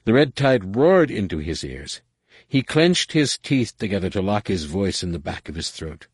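A man reading a dramatic novel aloud in a measured storytelling manner. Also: low-pitched, lively intonation, husky, no room sound. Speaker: audiobook narrator. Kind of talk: scripted narration.

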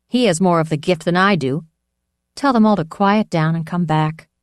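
A woman's voice: on the low side, moderate pace, clear, resonant tone, no room sound, studio quality, voice pushed up, natural voice. A woman reading the part of an earnest young man, speaking up insistently.

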